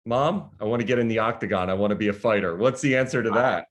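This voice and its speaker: A man's voice: lowish voice, quick pace. A man hosting a casual interview, upbeat and joking. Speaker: host.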